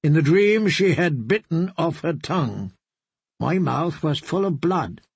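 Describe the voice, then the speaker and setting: A man reading a fantasy novel aloud with measured, grave narration. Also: fairly high pitch, expressive, creaky, breathy edge, no echo. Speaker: audiobook reader.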